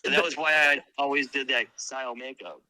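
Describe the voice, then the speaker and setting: Bright-voiced male musician telling tour stories. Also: medium pitch, brisk, poor audio. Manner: animated, swears freely, tells stories with lots of "like". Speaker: guest musician. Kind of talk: casual interview storytelling.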